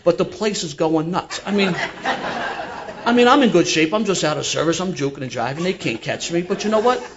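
Here the older Philly storyteller speaks a little high and fairly quickly, cracking himself up as he animatedly spins his yarn. The recording has its highs cut off and a noisy background.

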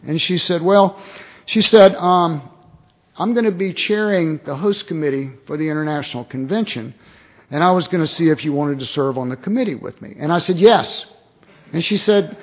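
A man's voice: fairly high pitch, a little fast. A man tells his recovery story, acting out quoted voices, with many restarts. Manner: animated, acts out quoted voices, frequent restarts. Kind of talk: personal storytelling talk. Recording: dull lo-fi recording.

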